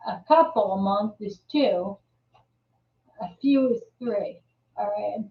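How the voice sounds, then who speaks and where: A woman's voice: medium pitch, takes it slowly, long pauses. A woman hosting a casual live stream, chatting in a rambling way with many restarts and fillers. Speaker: live show host. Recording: roomy, distant, dull audio.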